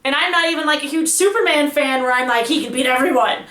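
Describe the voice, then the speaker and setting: A woman's voice: sits high, quick pace, pushed and bright, echoey room. A woman co-hosting a casual movie chat, talking with enthusiasm and lots of fillers. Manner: chatty, enthusiastic fangirling with fillers. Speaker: podcast co-host.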